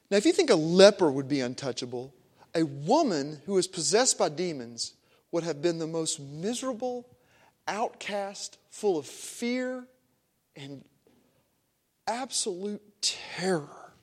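A man preaching a sermon, telling a story with a voice that swings from hushed to emphatic. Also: a little high. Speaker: pastor. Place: church sanctuary.

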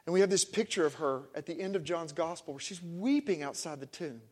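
A man preaching a sermon, telling a story with a voice that swings from hushed to emphatic. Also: fairly high pitch, animated, brisk. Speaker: pastor. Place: church sanctuary.

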